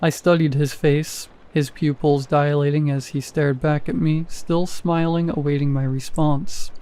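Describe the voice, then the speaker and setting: A man narrating a first-person horror story in a measured, even way. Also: a little high, smooth.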